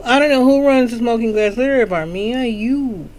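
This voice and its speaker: A woman's voice: a little high, fairly quick, hardly any pauses, a little mellow. A woman hosting a casual book chat, talking in a chatty, sassy way and laughing often. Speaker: host of a book chat show.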